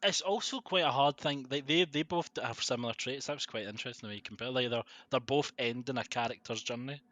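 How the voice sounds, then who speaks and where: A young man, co-hosting a podcast in halting casual chat with many restarts. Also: mid-range voice, fairly bright tone, dry recording. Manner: halting, restarts words, laughs easily. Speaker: podcast co-host.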